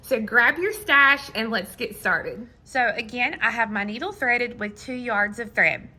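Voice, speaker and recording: A middle-aged woman teaching a hands-on beading tutorial, patient and step by step, sometimes counting beads quietly to herself. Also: on the high side. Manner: slow, patient, counting beads under her breath. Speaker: beading instructor.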